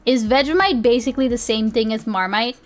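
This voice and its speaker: A woman's voice: fairly high pitch, a little fast. A young woman streamer chatting casually with her viewers. She rambles, laughs often and swears easily. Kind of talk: casual live-stream chat.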